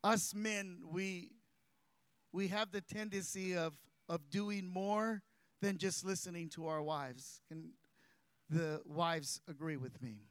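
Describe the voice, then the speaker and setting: A man's voice: high voice, slow, clean tone, no echo. A man preaching a fervent sermon outdoors in a park, with many "uh" fillers between phrases.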